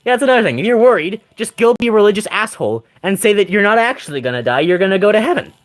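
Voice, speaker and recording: A man's voice: high voice, sing-song, very fast. A man streaming a game, chatting casually with his chat, rambling and joking with frequent laughter. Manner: rambling, jokey, laughs often. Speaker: gaming streamer.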